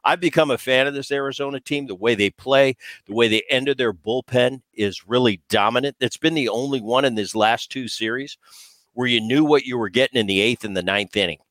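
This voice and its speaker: A man who is a former player and co-host, talking baseball in casual, animated chat full of restarts. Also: mid-range voice, a little fast, no room sound. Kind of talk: casual sports talk.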